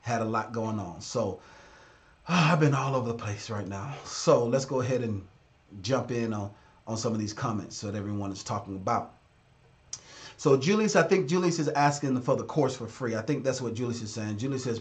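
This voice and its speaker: A man's voice: mid-range voice, normal speed. A man hosting a casual live stream as a business consultant, talking straight to his viewers in a blunt, direct way. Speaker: livestream host and business consultant.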